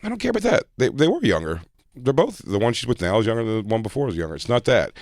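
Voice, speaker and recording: A man's voice: medium pitch, quick pace, dry recording, clean studio sound. A man on a comedy podcast, telling stories in casual chat, acting out quotes and swearing freely. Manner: animated storytelling with acted quotes, swearing. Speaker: podcast co-host.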